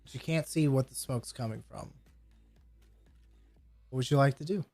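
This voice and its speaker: A man's voice: mid-range voice, normal speed, darkish tone, dry recording, soft background music. Man, game master, patient rules explainer, lots of fillers, dry close sound. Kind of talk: running a tabletop game over voice chat.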